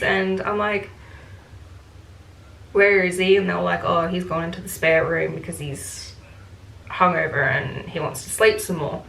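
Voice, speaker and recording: A woman's voice: on the low side, gravelly, fairly bright tone, a little hiss or hum. A young woman vlogger telling a story while doing her makeup, chatty and blunt, swearing freely and mimicking others in quotes. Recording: echoey room, faint ambience.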